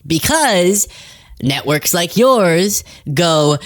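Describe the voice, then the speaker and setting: A woman hosting casual political commentary, sarcastic and animated, laughing at her own jokes. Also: sits low, normal speed.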